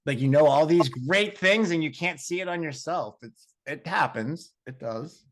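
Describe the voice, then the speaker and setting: A man's voice: fairly high pitch, normal speed, hardly any pauses. Man talking loosely with lots of fillers. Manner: rambling and animated, heavy on fillers and acted-out quotes. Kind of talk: casual chat.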